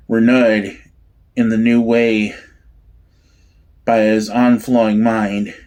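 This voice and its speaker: A man narrating a novel aloud in a slow, halting way, with frequent restarts. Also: mid-range voice, darkish tone. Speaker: audiobook reader. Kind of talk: amateur audiobook narration.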